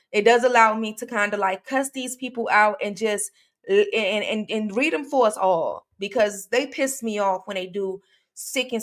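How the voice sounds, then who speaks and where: A woman hosts a casual livestream and talks straight to her viewers. Her speech is chatty and rambling, with lots of fillers and restarts, and she reads comments out loud as she goes. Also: mid-range voice. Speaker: true crime livestream host.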